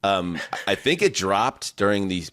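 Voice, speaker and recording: A man's voice: deep voice, big pitch swings, a little slow, fairly bright tone. A man hosting a podcast, playful as he steers the conversation. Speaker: podcast host. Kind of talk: casual chat.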